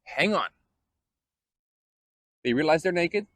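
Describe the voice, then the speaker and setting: A man's voice: on the high side, animated, takes it slowly, a bit bright, no echo. A man hosting a casual Bible teaching vlog, talking in a conversational way with fillers and self-corrections. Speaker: host.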